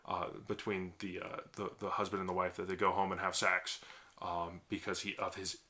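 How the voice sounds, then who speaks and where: A man with a lowish voice and a bright, forceful edge talks through marriage and therapy ideas on a podcast. He explains at length, circling back with fillers and restarts as he thinks aloud. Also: little pitch movement, normal speed. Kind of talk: casual conversational podcast.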